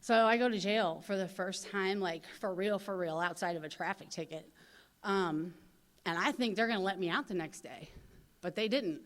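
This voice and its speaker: A woman's voice: medium pitch, moderate pace. Candid St. woman telling her story. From St. Louis, USA. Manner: candid, animated storytelling with frequent "you know". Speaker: recovery convention speaker. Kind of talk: personal recovery testimony.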